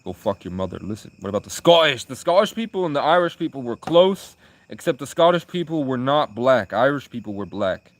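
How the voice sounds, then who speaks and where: A man's voice: medium pitch, sing-song, a little fast, dry recording. A young man live streaming, chatting with viewers in rambling, crude, provocative banter. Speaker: livestreamer.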